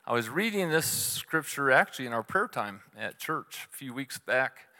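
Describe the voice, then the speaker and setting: A middle-aged man delivers a sermon in a relaxed, conversational storytelling way, poking fun at his own mistakes. His voice is bright and forceful. The recording carries the long reverb of a large hall. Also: mid-range voice. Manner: conversational storytelling with self-deprecating humor. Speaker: church speaker.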